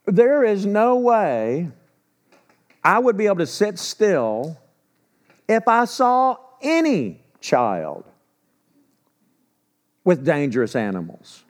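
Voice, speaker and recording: A middle-aged male pastor teaching a sermon in a folksy storytelling way, often asking the listeners rhetorical questions. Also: mid-range voice.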